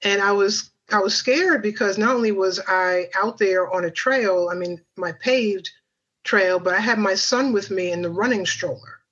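A woman's voice: mid-range voice, normal speed, fairly bright tone, dull audio. A woman guest on a podcast telling a personal story in a chatty way, with many fillers and asides.

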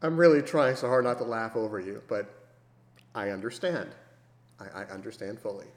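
A man's voice: lowish voice, normal speed. Sardonic man in a roomy echo. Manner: sardonic, dry jokes, moderating the talk. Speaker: podcast host. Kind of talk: casual chat.

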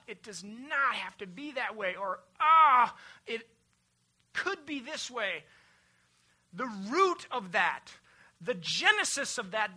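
A pastor preaching a sermon with emphatic delivery, swinging from loud declarations to hushed, low passages and building repeated lists. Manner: builds repetitive lists and refrains.

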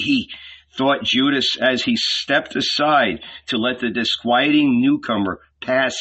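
A man reading a novel aloud in a measured, deliberate, dramatic way, on a dull lo-fi recording. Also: medium pitch, pushed and bright, husky. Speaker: audiobook reader.

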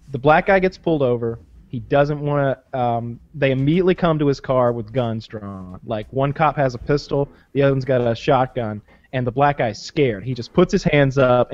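A man's voice: mid-range voice, a little mellow, dry recording, highs cut off. A man in casual chat, telling a long story with lots of restarts and swearing. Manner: rambling, profane storyteller, many restarts.

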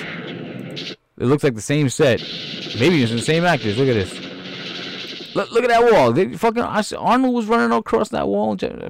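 A man's voice: mid-range voice, dry recording. A man doing profane, rambling comedic commentary while reacting to a film.

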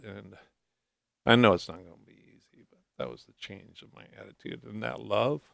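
Gravelly soft-spoken man telling his story. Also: on the low side, fairly even intonation, no room sound, clean studio sound. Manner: halting, soft-spoken testimony with restarts. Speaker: guest. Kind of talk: personal storytelling interview.

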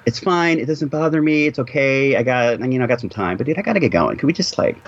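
A man's voice: medium pitch, expressive, fast, no room sound, highs cut off. A man hosting a podcast in casual chat, wry and teasing with playful asides. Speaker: podcast host.

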